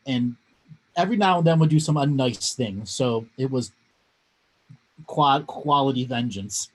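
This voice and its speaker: A man's voice: medium pitch, measured pace, long pauses, husky, low-quality recording. A man in a casual chat, dropping wry quips.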